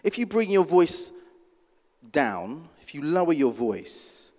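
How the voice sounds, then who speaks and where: A man's voice: very animated, a little mellow. Man coaching in a reverberant hall. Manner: deliberate, repetitive, checks in with frequent "okay?"; drops pitch and volume to land key points. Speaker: pitch coach at a startup conference. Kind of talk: live masterclass talk. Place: large conference hall.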